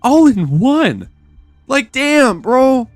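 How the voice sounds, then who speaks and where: A man's voice: very high voice, sing-song, extremely slow, no echo, soft background music. A man hosting a podcast, telling stories in an exasperated, profane casual rant. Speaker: podcast host. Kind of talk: casual ranting storytelling.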